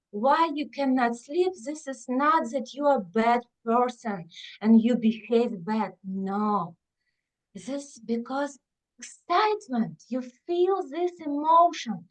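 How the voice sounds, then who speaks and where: A woman with English, speaking as a guest parenting expert on a podcast, explaining in an earnest, gentle way. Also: high-pitched, poor audio. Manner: earnest, gentle, non-native phrasing.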